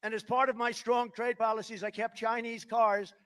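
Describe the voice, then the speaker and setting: A man in his seventies delivering a rambling, boastful off-the-cuff speech to a rally crowd, swinging between loud declarations and muttered asides. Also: extremely high pitch, little pitch movement, normal speed, clean tone. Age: 70s. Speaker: politician at a rally.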